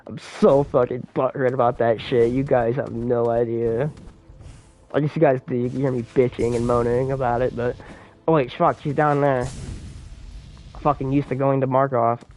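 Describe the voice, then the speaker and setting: A man's voice: mid-range voice, level tone, moderate pace, a little mellow, soft background music. A young man streaming a game live, rambling in heavy slang and swearing in exasperation as he plays. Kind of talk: live-streamed gameplay commentary.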